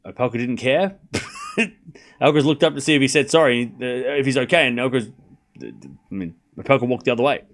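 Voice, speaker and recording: A young man hosting a live tennis watchalong stream, chatting casually and excitedly repeating the score as points are played. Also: mid-range voice, fairly quick. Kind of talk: live casual play-by-play commentary.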